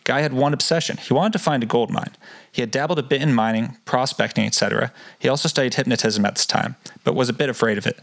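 A man's voice: mid-range voice, fast, gravelly. Male co-host, medium voice, reads passages then riffs casually with profanity. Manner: swears casually, chatty asides. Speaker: podcast co-host. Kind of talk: reading a book aloud with casual commentary.

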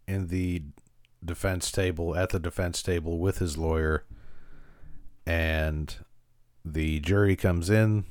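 Deep-voiced man recapping an episode. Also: darkish tone, no echo, clean studio sound. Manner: conversational, with frequent fillers and restarts. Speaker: podcast host.

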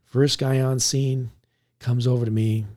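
A man, a police officer, recounting a story in a relaxed conversational way, laughing now and then as he talks. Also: medium pitch, unhurried. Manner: animated, laughs while recounting.

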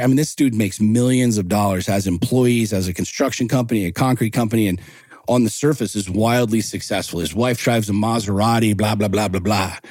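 A men's coach in his forties, guesting on a podcast, speaks bluntly and swears freely in casual interview talk, his stories building with rising passion. His fairly low voice is a little mellow, recorded close and dry with almost no room sound.

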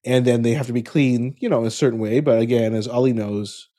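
Mellow-voiced man telling stories. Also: medium pitch, a little fast. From family from India. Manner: animated storyteller, laughs mid-sentence. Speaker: podcast co-host. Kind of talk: casual chat.

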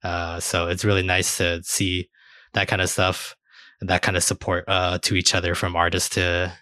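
A man's voice: sits low, monotone, normal speed, pushed and bright, no room sound, studio quality. A man co-hosting a podcast in casual, rambling chat, cursing freely. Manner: rambling, swears freely, many fillers. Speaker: podcast co-host.

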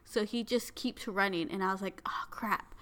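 A woman telling a funny story in casual chat, animated and quick to laugh at herself. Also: medium pitch.

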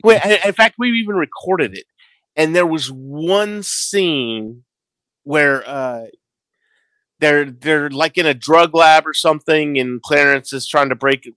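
A male podcast co-host with a slightly high voice tells stories animatedly in casual chat, acting out quotes. The sound is dry with no echo.

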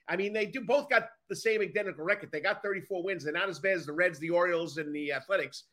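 A male baseball podcast co-host talks fast in a high voice that sounds pushed and bright. The chat is casual sports talk, and he stays upbeat while steering the conversation along.

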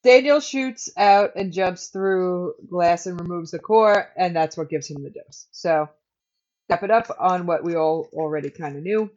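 A woman's voice: on the low side, measured pace, darkish tone. A woman co-hosting a podcast, chatting casually and joking as she recaps an episode. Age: adult. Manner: chatty and joking, laughs often. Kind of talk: casual chat. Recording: dull lo-fi recording.

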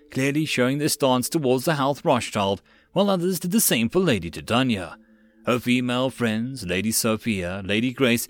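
A man narrating an audiobook of a web novel in an expressive storytelling manner. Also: mid-range voice. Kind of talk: scripted narration.

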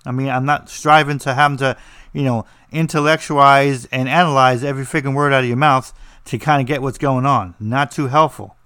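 A man's voice: medium pitch, steady tone, fairly quick, pushed and bright, clear, resonant tone, dry recording. Jersey guy rambling on about writing, blunt and jokey, dry sound. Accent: New Jersey. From New Jersey. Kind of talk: casual monologue.

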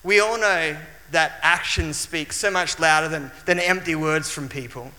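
An Australian man preaching in a church hall, his fairly high, very bright and piercing voice ringing out with a long reverb. He tells his story in an animated way, often restarting his sentences. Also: normal speed. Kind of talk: sermon with personal storytelling.

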